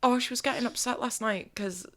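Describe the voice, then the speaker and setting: A woman's voice: on the high side, a little fast. A young woman, chatting theatrically and acting out quotes as a podcast co-host. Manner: lively, theatrical, swears, acts out quotes. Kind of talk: casual chat.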